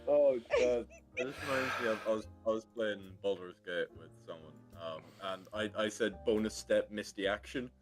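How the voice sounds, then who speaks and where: A man chatting on a group voice call during a live stream, joking in a dry, deadpan way. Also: fairly low pitch, normal speed, hardly any pauses, music in the background. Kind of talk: casual chat on a group call. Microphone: computer mic on an online voice call.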